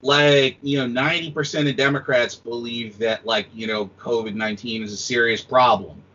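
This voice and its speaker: Male critic as a podcast guest, lively and mocking, slightly raspy, lo-fi recording. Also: medium pitch, moderate pace. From United States. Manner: animated, sweary, mocking quoted voices. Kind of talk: casual podcast chat. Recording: dull lo-fi audio.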